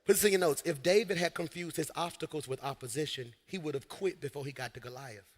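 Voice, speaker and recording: A man preaching a live sermon, energetic, shouting at peaks and calling out to the congregation. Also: fairly high pitch, fast talker. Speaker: senior pastor. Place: large church hall. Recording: live hall with long reverb.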